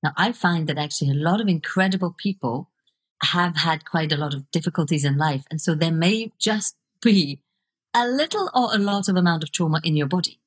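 A woman's voice: lowish voice, expressive, brisk, slightly rough. A middle-aged woman, a video coach and author, speaking as a guest in a podcast interview in an earnest, reflective way. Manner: reflective, earnest, laughs easily.

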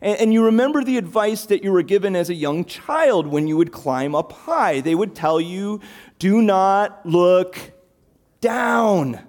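A man preaching a sermon, animated and emphatic, throwing out rhetorical questions. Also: sits high, normal speed, hardly any pauses.

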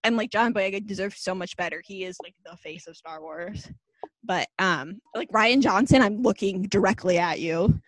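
A woman's voice: mid-range voice, normal speed, no room sound, low-quality recording. A young woman co-hosting a podcast, ranting in a fired-up, casual way, full of "like.". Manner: fired-up, ranting, heavy use of "like". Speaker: podcast co-host.

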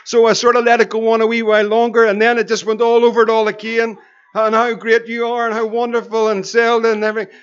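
A middle-aged pastor delivers a sermon in a high, light voice. He stacks rhetorical questions and laughs his way through anecdotes. The recording sounds muffled and lo-fi. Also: monotone, quick pace, clean tone. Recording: dull lo-fi recording.

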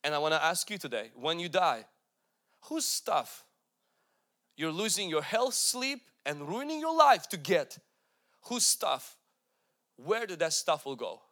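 A man's voice: a little high, big pitch swings, unhurried, long pauses, bright, forceful tone. A man preaching a sermon, emphatic, with repeated calls to the congregation. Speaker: pastor.

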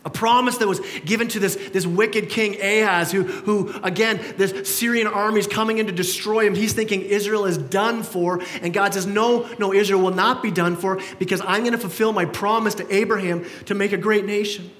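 A male pastor preaching a sermon in a church, animated and acting out the voices he quotes with rising emphasis. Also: high-pitched, brisk, few pauses, long reverb tail. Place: church sanctuary.

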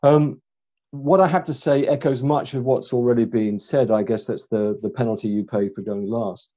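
A man's voice: mid-range voice, fairly even intonation, moderate pace, dark tone. A man speaking last on a panel, hesitant with many ums. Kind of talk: panel talk. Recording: muffled, dull audio.

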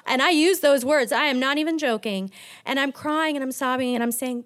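A woman's voice: sits high, normal speed. A woman pastor giving an earnest sermon, telling personal stories with frequent restarts.

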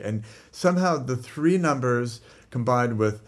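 A man telling a personal story in casual talk, animated, laughing at times and swearing freely. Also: lowish voice, moderate pace. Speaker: guest telling a life story.

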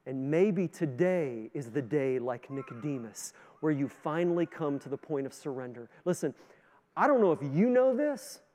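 Canadian pastor preaching in a reverberant hall. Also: male voice, on the high side, expressive, moderate pace. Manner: preaching with strong rises and drops in loudness; sings a hymn line with the congregation. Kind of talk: sermon.

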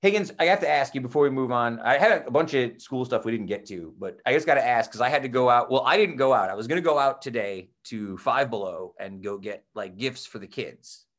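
Medium-pitched and a little fast, with few pauses, this young man teaches and co-hosts a podcast. In casual chat he tells stories with gusto and loudly acts out the quotes.

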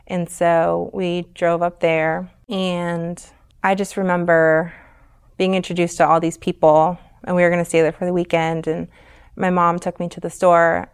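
Brief: young woman guest, slightly low, smooth yet gravelly, frank halting storyteller. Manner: frank, halting, many fillers and "like". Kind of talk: personal storytelling in conversation.

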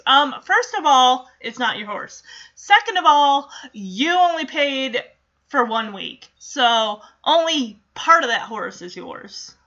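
A woman's voice: high-pitched, bright, forceful tone. A woman casually recapping a sitcom episode, animatedly acting out the characters' lines and laughing as she goes. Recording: dull lo-fi sound.

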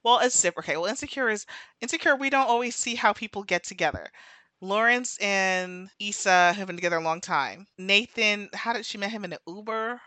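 A woman co-hosting a casual TV recap chat, animated and full of asides and laughs. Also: medium pitch, no room sound. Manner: animated, tangents, quick asides, laughs often. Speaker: podcast co-host.

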